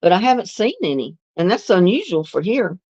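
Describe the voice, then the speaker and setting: A woman's voice: fairly low pitch, sing-song, brisk, a little mellow, no echo, muffled recording. A woman hosts a casual live stream, chatting easily with viewers and laughing often. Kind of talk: casual live chat answering viewer comments.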